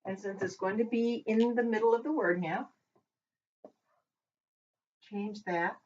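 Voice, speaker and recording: A woman teaching a language lesson who talks while she writes, pausing and correcting herself as she goes. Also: mid-range voice, darkish tone. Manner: talks while writing, with pauses and self-corrections. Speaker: Hebrew teacher. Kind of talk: slow, patient lesson at a whiteboard. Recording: dull lo-fi recording.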